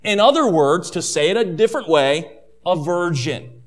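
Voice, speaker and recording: A man's voice: high-pitched, expressive, normal speed. A man preaching a sermon, emphatic, repeating his key points and calling his listeners friend and family.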